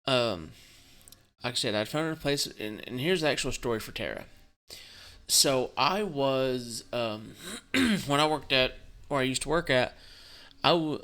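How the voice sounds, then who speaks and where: Casual male vlogger, worn out and low-key, rambling, smooth and clear tone. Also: pushed and bright. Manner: halting, rambling, with frequent restarts and swearing. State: subdued and tired. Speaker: gaming channel host. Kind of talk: casual vlog talk.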